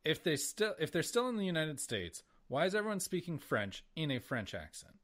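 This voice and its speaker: Uomo vivace che chiacchiera in un podcast. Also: male voice, on the high side, a little fast. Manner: animated, swearing, laughs often. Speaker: podcast co-host. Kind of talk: casual chat.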